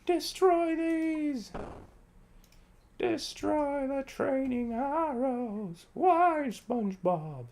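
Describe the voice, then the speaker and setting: A shrill squealing cartoon scold. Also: male voice, lively intonation, extremely slow, a little mellow, heavily acted. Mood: shrieking.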